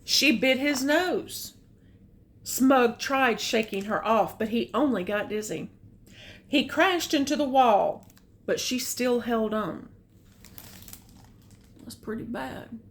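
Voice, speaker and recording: An older woman reading a picture book aloud, adding gentle, chatty comments about the pictures. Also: fairly high pitch, slow, pauses often. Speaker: storyteller.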